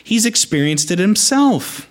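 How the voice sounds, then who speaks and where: Lively-pitched man preaching a sermon. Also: unhurried. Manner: conversational, lively preaching with restarts.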